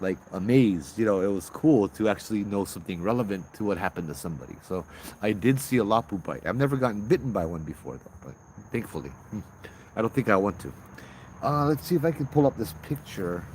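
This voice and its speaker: A man, casually telling ghost stories on a livestream outdoors at night, chatty and relaxed, greeting viewers and laughing often. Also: fairly low pitch, a little hiss or hum. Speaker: ghost-story livestream host and former tour guide. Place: outdoors at night with bugs around.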